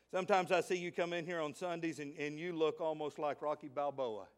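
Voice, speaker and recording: A man with a Southern US accent preaching a lively sermon as pastor, dropping into quiet asides and jokes before rising to shouted praise. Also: a little high, normal speed, clean tone.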